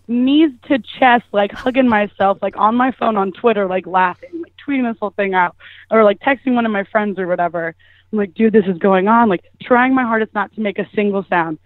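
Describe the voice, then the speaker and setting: A woman's voice: on the high side, dry recording. Chatty young woman on a tinny phone line. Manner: chatty, laughing, lots of "like" fillers. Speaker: caller guest. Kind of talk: casual storytelling.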